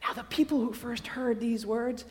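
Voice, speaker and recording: A woman preaching a sermon in a lively, conversational way, acting out the quotes she tells. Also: on the high side, normal speed, long reverb tail. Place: chapel or hall.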